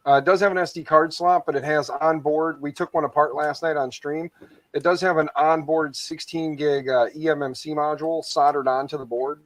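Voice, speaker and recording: A man's voice: fairly high pitch, fairly even intonation, normal speed, dry recording. A man in a casual live chat, giving detailed technical explanations of computer hardware. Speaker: guest. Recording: voice from far off the mic.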